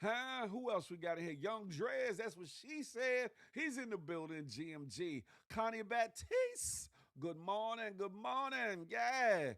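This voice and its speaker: A man hosting a casual livestream morning show, giving playful slangy shout-outs to viewers and hyping up the day. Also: high-pitched, lively intonation, unhurried, few pauses, dry recording, studio quality. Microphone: phone.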